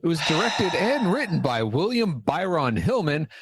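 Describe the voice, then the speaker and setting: A man's voice: fairly high pitch, very animated, slightly rough, dry recording. A man co-hosting a casual podcast, teasing the host and reading out film facts. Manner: teasing, jokey, reads facts off quickly. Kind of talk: casual chat.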